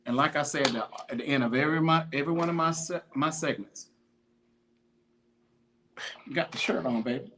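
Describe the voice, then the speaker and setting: A man's voice: on the high side, normal speed, pauses often, fairly bright tone, slight background noise. A man hosting a podcast, giving an emphatic motivational talk on consistency in a slangy, repetitive, preachy way. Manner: greets viewers by name mid-talk. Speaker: podcast host, fitness motivator. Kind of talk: motivational monologue.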